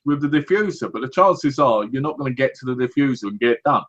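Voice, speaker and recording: A man's voice: medium pitch, animated, quick pace, fairly bright tone. A man co-hosting a casual gaming chat, swearing freely and acting out mock quotes. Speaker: podcast co-host. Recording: dull lo-fi audio.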